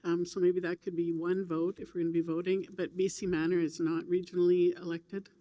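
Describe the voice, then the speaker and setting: A man speaking from the floor of an assembly as a regional president, plain and steady. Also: high-pitched, a little fast, muffled recording.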